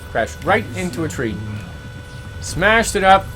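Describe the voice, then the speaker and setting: A man's voice: fairly high pitch, sing-song, unhurried, a bit bright, soft background music. A man hosting a gaming livestream, chatting casually and telling stories in a laid-back, chuckling way. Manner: laid-back, chuckling storyteller who slips into voices for quoted friends. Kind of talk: casual chat, storytelling between reading chat comments.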